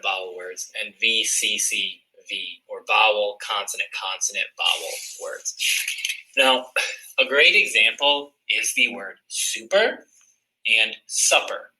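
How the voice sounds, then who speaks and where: Bright-voiced man teaching phonics. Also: on the low side, rough recording. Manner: clear, step-by-step explaining. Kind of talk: recorded phonics lesson.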